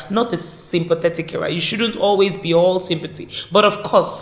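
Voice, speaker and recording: A woman's voice: fairly low pitch, fairly bright tone. A woman teaching a caregiving course in an informal, emphatic way, often repeating key words and acting out short example dialogues. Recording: echoey room.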